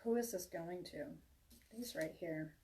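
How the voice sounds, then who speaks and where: A woman's voice: lowish voice, measured pace, warm tone, distant mic. A woman giving a live tarot reading to viewers, chatty and reassuring, rambling with many restarts. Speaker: tarot reader.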